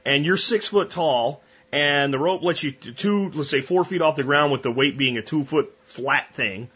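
Blunt, husky-voiced male podcast host. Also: a little high, bright, forceful tone, muffled recording. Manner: blunt, opinionated, rambling with long analogies. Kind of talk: solo podcast monologue.

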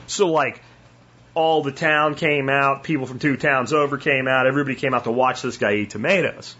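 A man hosts his own podcast as a casual solo monologue, telling stories in a rambling way with restarts and some swearing. His medium-pitched voice has a sharp, breathy edge, fairly even intonation, and normal speed, on slightly muffled lo-fi audio.

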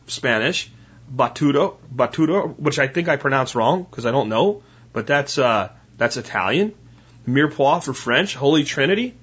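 A man with a slightly husky voice chats through home cooking ideas in a rambling, folksy way, speaking right to his listeners. The recording sounds dull and lo-fi. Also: on the high side, a bit bright. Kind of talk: casual cooking talk.

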